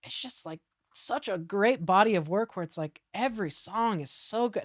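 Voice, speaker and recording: A woman's voice: medium pitch, animated, moderate pace, few pauses, dry recording, studio quality. A woman in her late twenties, a guest musician, chatting casually and animatedly, full of fillers. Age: late 20s. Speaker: guest musician in a rock duo. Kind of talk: casual podcast chat.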